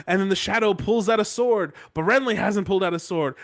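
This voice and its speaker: A man's voice: high voice, brisk, few pauses, no room sound, studio quality. A man hosting a podcast, recapping a book chapter in casual chat, rambling, playful and profane. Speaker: podcast host.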